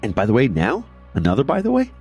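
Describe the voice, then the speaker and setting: A man's voice: mid-range voice, huge pitch swings, fast, a little mellow, husky, soft background music. A man hosting a history podcast, narrating a script with casual asides and repeating phrases for emphasis.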